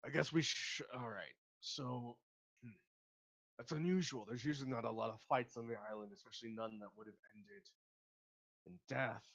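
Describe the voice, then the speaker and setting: A man doing a calm older barbarian father. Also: medium pitch. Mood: concerned. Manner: measured, thoughtful.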